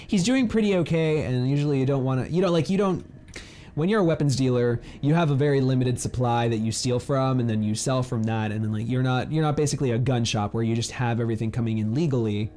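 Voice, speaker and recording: A man's voice: medium pitch, quick pace, warm tone, slight background noise. A man running a tabletop game as game master, explaining things in a rambling way.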